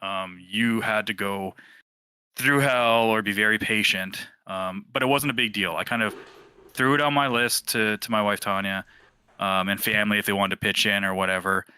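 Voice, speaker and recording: Bright-voiced man telling a story. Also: on the low side, moderate pace, clean tone, no echo. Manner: animated, acts out quoted voices. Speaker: team member sharing a memory. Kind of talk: casual storytelling.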